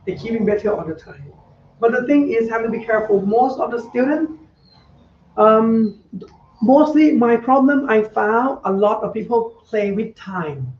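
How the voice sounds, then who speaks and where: A man who is a Buddhist monk giving a meditation talk to students, in halting non-native English, repeating key words. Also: very high voice, slight background noise. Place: meditation center. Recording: echoey, dull, from far off.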